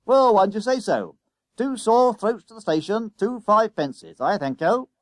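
A loud, brusque bus conductor booms through a storybook reading, as a male narrator puts him on. His voice sits high and swings widely, chummy and impatient with the passengers. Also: animated, moderate pace, no echo, clean studio sound. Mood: brusque, jokey. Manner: loud and booming, cockney-style chummy.

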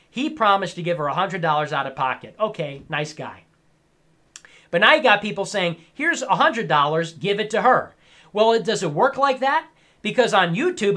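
A man's voice: on the high side, fairly bright tone. A man ranting on a live stream, lecturing emphatically and repeating his points.

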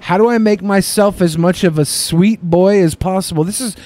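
A man's voice: high voice, moderate pace, a little mellow. A man co-hosting a podcast, reading listener questions and giving loose, profane, joking advice. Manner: loose, profane, laughs often. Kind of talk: crude, joking podcast banter.

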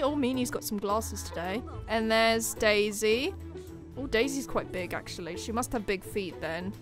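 A woman giving chatty, excitable let's-play commentary over a life-simulation game, often breaking into giggles. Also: a little high, moderate pace, faint music behind. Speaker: gaming channel host.

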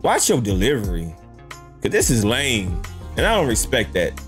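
A man's voice: mid-range voice, huge pitch swings, normal speed, soft background music. A man hosting a YouTube reaction, talking casually and incredulously, firing off rhetorical questions.

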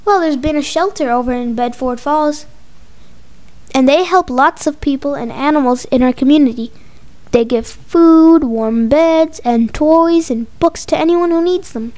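A woman reading aloud, voicing a kind, patient father who talks softly to his children. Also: high-pitched, measured pace. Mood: gentle. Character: kind gentle dad talking to his kids.

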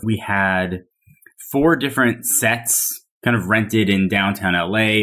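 A man guest on a tech podcast, talking casually and animatedly with many "like"s and restarts. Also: lowish voice. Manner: animated, filler-heavy storytelling.

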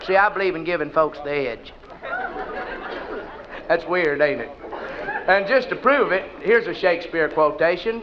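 A man's voice: on the high side, normal speed, long pauses, crowd noise. A man, telling a comic story in a drawling, folksy way and quoting characters in dialect. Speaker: comedian. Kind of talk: stand-up storytelling monologue. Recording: lo-fi noisy old live album.

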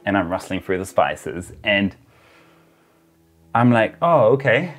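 A man's voice: sits low, slow pace, fairly bright tone, soft background music. A man telling a travel story in a casual, chatty way, full of filler words. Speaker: travel vlogger.

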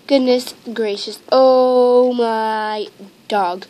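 Female toy vlogger, high-pitched and unhurried, gushing and full of ums, recorded on a handheld camera at home. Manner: rambling and gushing, with many ums and repeated exclamations. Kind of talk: casual unboxing chat to camera. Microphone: handheld camera mic.

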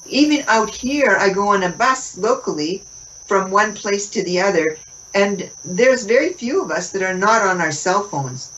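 A woman interview guest giving a spiritual teaching talk, expressive and laughing often as she acts out little dialogues. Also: medium pitch. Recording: distant mic, muffled, faint noise.

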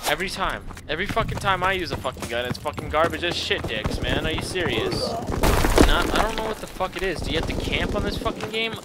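A man's voice: a little high, lively intonation, fast talker, very noisy. A young man giving profane, frustrated gameplay commentary, breaking into angry outbursts. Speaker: gaming video creator. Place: at home playing a console shooter. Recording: loud gunfire from the game behind the voice.

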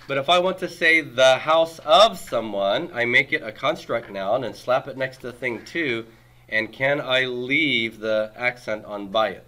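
A man's voice: mid-range voice, a little slow, pushed and bright. A man teaching a Hebrew grammar class, explaining patiently and quizzing his students with questions and homely comparisons.

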